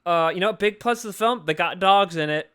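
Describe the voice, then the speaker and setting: A young man chatting casually on a movie podcast, rambling and cracking crude jokes. His voice sits high and comes across smooth and clear. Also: a little fast, pushed and bright. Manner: profane, rambling, joking. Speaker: podcast co-host. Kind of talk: casual movie review chat.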